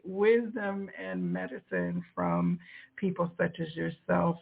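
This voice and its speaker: A woman hosting a spiritual podcast interview, thanking her guest in a gentle, grateful way. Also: fairly low pitch, sing-song, takes it slowly, gravelly, husky. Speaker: podcast host. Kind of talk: casual interview chat. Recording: tinny phone-like line.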